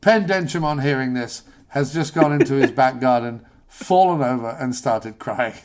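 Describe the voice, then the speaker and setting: A man's voice: medium pitch, moderate pace, darkish tone. A British man hosting a podcast, chatting casually in a rambling, sardonic, jokey way. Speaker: podcast host. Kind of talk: casual chat.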